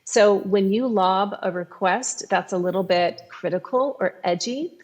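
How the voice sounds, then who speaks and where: Woman, therapist guest on a podcast, calm and instructive, mid-range voice. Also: mid-range voice, unhurried. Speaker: clinical sex therapist. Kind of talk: podcast advice discussion.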